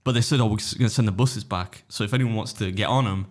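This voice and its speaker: A man co-hosting a casual podcast, telling stories at speed, acting out other people's quotes and swearing freely. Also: on the low side. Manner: rapid anecdotal storytelling, acting out others' quotes. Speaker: podcast co-host and competitive eater.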